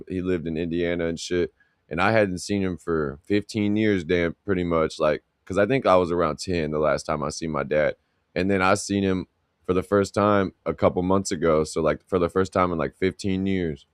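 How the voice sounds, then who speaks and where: A man with a very deep voice chats on a podcast in a slangy, rambling, laid-back way. The sound is dry and close, with no room around it. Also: clear, resonant tone, dry recording. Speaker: podcast co-host. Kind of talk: casual chat.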